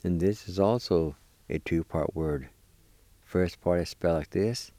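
Deep dark-voiced guy going through a vocab lesson real slow, spelling letter by letter, dry close sound. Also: dry recording. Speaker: language teacher.

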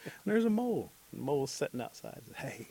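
A man telling a folk tale aloud, animated, acting out the characters' lines. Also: on the high side, fast, gravelly, breathy edge. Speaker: storyteller. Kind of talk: oral storytelling.

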